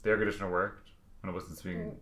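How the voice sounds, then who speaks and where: A woman guest on a podcast in casual chat, animated and laughing, leaning heavily on "like". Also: rumbling low, quick pace. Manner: animated, laughing, heavy use of "like".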